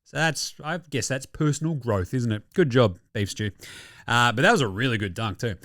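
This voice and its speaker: A man's voice: mid-range voice, moderate pace, a bit bright, no echo, studio quality. A man with an Australian accent hosting casual sports commentary, jokey and profane in his rants. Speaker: host.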